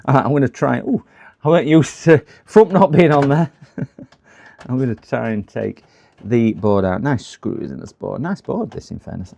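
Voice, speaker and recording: A man's voice: mid-range voice, expressive, measured pace, creaky, pauses often, mellow. A man, chatting casually on a live stream while repairing computers, rambling and laughing to himself.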